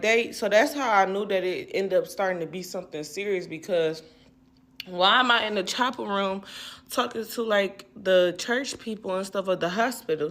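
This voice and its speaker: A young woman telling her own painful story in casual, emotional talk, rambling and repeating herself with many fillers. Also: mid-range voice.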